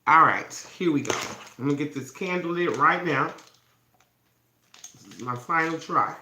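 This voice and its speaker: Hosting a casual morning livestream on her phone, a woman runs a self-love challenge in a low, animated, unhurried voice that sounds pushed and bright. Playful and affectionate, she calls her viewers babies. She's in an indoor room with candles, and the audio is echoey with faint background noise.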